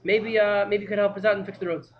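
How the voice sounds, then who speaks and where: Guy telling it as a humble old rebbe asking politely, halting, quick, bit muffled recording. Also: high voice, level tone, natural voice. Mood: humbly pleading. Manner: hesitant, polite, halting requests. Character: humble elderly male Hasidic rebbe, pleading.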